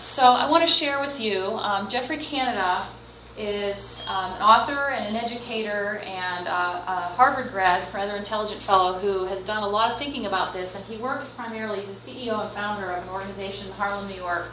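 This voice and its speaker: A woman's voice: medium pitch, a little fast, sharp tone, slight background noise. A woman presenting at a teacher training session, hesitant with lots of fillers. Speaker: workshop presenter. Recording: echoey room from far off.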